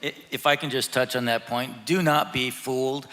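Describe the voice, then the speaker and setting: A man on a church panel, a state representative, talking candidly and haltingly with frequent restarts. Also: mid-range voice, fairly even intonation, pushed and bright. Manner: halting, many restarts, earnest. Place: large church hall, live audience. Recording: long hall reverb.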